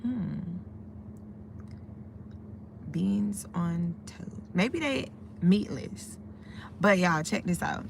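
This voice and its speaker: A talkative middle-aged woman from the United States streams live from her car outside a store, greeting her chat and wandering from story to story. Her voice sits fairly low and has a gravelly edge. Faint background noise hums under the recording. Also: animated, slow. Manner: chatty, easily sidetracked, greets viewers by name.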